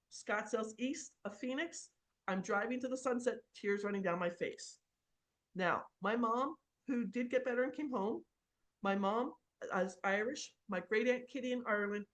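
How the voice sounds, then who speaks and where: Middle-aged woman, real estate investor, chatty storytelling, lots of "uh" fillers, computer mic, mid-range voice. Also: mid-range voice. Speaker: real estate investor sharing tax tips. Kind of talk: casual storytelling presentation with screen share.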